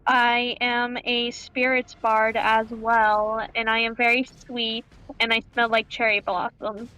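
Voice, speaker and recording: A woman playing in a tabletop game over a call, slowly and evenly recapping the last session. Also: on the high side, level tone, sharp tone, clean tone, rough recording. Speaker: player. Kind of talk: casual game chat.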